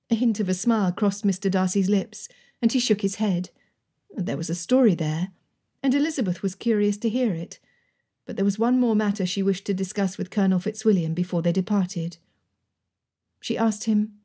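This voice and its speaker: Mellow, breathy woman narrating a romance. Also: medium pitch, normal speed. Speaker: audiobook narrator. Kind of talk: scripted narration.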